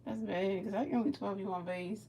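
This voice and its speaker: A woman's voice: mid-range voice, fairly even intonation, quick pace, warm tone, slight background noise. A woman streamer giving casual play-by-play of a baseball video game, chatting with a viewer and stumbling over repeated words.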